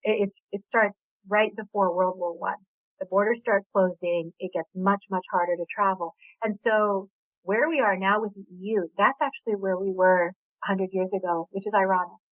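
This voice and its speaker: A middle-aged woman, born in Hungary and speaking with an American accent, chats enthusiastically as a novelist guest in a casual interview, sprinkling in small laughs. Her medium-pitched voice holds a steady tone at a moderate pace with no echo. The audio comes over a tinny, dry phone line.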